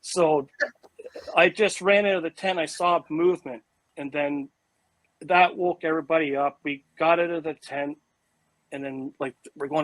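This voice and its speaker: A man being interviewed, telling a personal story in a casual, animated way, full of "like" and "you know". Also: on the high side, measured pace, dry recording, rough recording. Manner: animated and vivid, with frequent "like" and "you know" fillers and restarts. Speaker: interview guest recounting an encounter.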